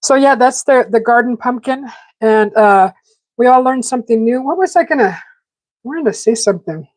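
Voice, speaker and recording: A woman's voice: a little high, expressive, normal speed, a little mellow, no echo. A woman hosting a live stream, rambling in casual chat with many fillers and restarts, talking while eating. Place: home garden setting.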